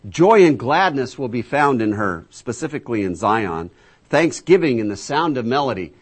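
A man's voice: big pitch swings, normal speed, slightly rough. Male preacher, emphatic scripture reader, conversational between verses. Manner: booming emphatic scripture reading, conversational asides; addresses listeners directly, filler-heavy. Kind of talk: sermon with scripture reading.

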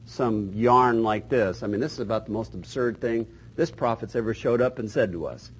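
A man's voice: medium pitch, expressive, quick pace, a little mellow, breathy edge, low-quality recording. An older man teaching a Bible class in a folksy, joking way, reading scripture aloud with emphasis.

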